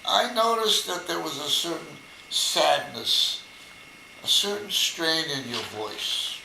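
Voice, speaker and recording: A man's voice: a little high, lively intonation, slow pace, vocal fry, sharp tone, echoey room, slight background noise, exaggerated voice, poor audio. An older man voicing a troubled father who is earnest and thankful.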